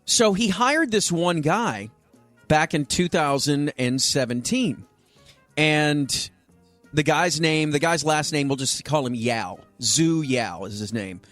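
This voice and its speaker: Animated man telling a story on air. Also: fairly high pitch, slow, faint music behind. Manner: storytelling, animated, laughing with co-hosts. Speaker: radio show co-host. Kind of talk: casual sports-radio banter.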